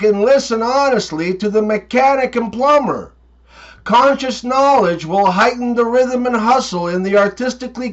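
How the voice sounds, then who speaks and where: Man, comedian, one-liner jokes, very animated pitch, quick punchlines. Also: lo-fi sound. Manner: quick punchline delivery, acting out characters. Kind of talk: one-liner joke telling.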